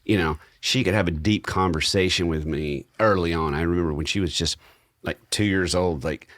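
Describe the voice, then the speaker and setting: A middle-aged man hosting a casual podcast discussion, telling stories in a relaxed, reflective way. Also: deep voice, normal speed, dry recording. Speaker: podcast host.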